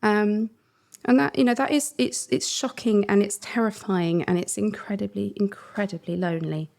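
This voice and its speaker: A middle-aged woman co-hosting a podcast, talking in an earnest, conversational way and laughing softly between thoughts. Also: medium pitch, fairly even intonation, moderate pace, vocal fry. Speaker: podcast co-host. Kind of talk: reflective podcast chat.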